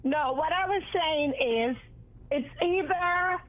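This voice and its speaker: Slow, hesitant female radio voice, high and heard through a phone line. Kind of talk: casual radio banter. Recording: tinny phone-line audio.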